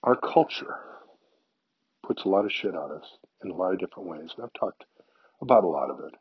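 A man's voice: low-pitched, expressive, brisk, slightly rough, no echo. An older man giving a frank, confessional monologue, swearing casually and sometimes dropping to a near-whisper. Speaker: speaker sharing personal views. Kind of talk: candid personal monologue. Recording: dull lo-fi, dry sound.

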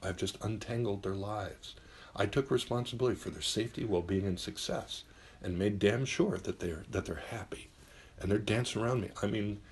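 Blunt deep-voiced middle-aged man. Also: moderate pace, husky. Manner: emphatic, blunt, swears freely; acts out quoted voices. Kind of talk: casual advice monologue.

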